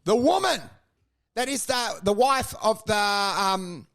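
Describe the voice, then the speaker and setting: A man's voice: sits high, lively intonation, slow pace, vocal fry, a bit bright. A man, a comedian telling rambling stories in casual chat, acting out quoted voices and laughing often. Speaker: podcast co-host, stand-up comedian. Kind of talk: casual chat, comic storytelling.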